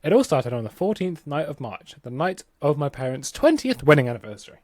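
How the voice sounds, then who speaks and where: A man's voice: fairly high pitch, very animated, a little fast, a little mellow, no echo. A man co-hosting a casual podcast, reading a story aloud and laughing with his co-host. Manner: jokey, laughs often.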